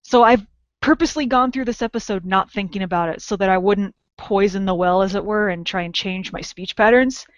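Woman podcast host from Southern California, chatty, long drawn-out vowels, dry close sound. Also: medium pitch, dry recording. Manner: chatty, laughs often, elongated vowels. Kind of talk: casual podcast chat. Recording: dull lo-fi dry audio.

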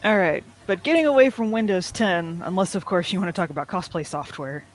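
A man with a high-pitched voice, just out of bed, co-hosting a casual podcast. He grumbles through his stories in a joking way, laughing along the way. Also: a little fast, rough recording. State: just woke up, voice lower than usual. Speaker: podcast co-host. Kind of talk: casual chat.

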